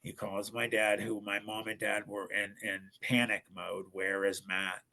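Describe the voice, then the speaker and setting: Man from Ohio, middle-aged, gravelly, bright tense tone, animated storytelling guest. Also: lowish voice, a little slow. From Ohio, United States. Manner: animated, acts out others' voices. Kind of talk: casual storytelling.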